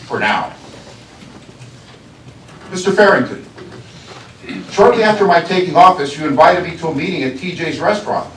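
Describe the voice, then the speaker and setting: A high-pitched man speaking as county sheriff, confronting a board in its meeting chambers. His accusatory, deliberate delivery hammers points home through repetition. He sounds far from the mic in an echoey room, with faint room ambience beneath him. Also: a little hiss or hum. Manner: accusatory, deliberate, repeats phrases for emphasis. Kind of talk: public address at a government meeting.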